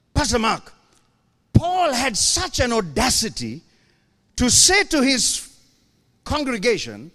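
A pastor preaching a sermon in a church, animated and playful, acting out his congregation's voices and teasing the crowd. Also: very high-pitched.

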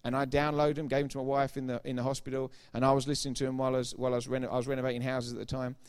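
A man giving a sermon testimony as a preacher, retelling conversations line by line and growing loud and emphatic when he preaches. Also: mid-range voice, little pitch movement, very fast, clean tone. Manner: retells dialogue with repeated "I said, he said".

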